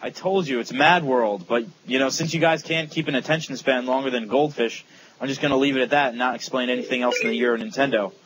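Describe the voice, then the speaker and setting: A man's voice: medium pitch, quick pace, background noise. A young man co-hosting a casual gaming podcast, rambling with lots of fillers and teasing his friends. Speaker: podcast co-host.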